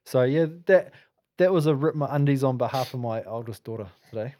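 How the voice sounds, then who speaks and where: Mellow-voiced man chatting. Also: mid-range voice, fairly quick, no echo, studio quality. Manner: laid-back, prompting questions, casual swearing. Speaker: podcast co-host. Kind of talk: casual podcast chat. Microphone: podcast microphone.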